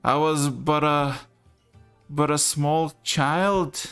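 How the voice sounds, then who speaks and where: A man voicing a short, gruff old hag who keeps a tavern and drifts into wistful memories. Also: on the high side, steady tone, drawn-out words, fairly bright tone, soft background music, heavily acted. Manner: gruff, folksy, drifting into reminiscence.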